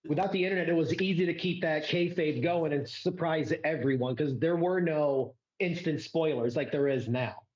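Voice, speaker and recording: A fairly high-voiced man co-hosting a wrestling chat, talking slowly and earnestly with lots of "like". He sounds roomy and a little dull, as if his mic sits in an echoing space. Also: a little mellow. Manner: earnest, slow, builds arguments with "like" and quoted lines. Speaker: co-host. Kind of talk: casual wrestling review chat.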